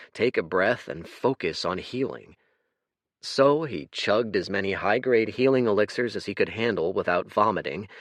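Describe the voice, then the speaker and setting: Male audiobook reader, lively delivery, dry close-miked sound; for expressive narration. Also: lowish voice, no room sound. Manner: expressive, shifts voice for characters. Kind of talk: scripted narration.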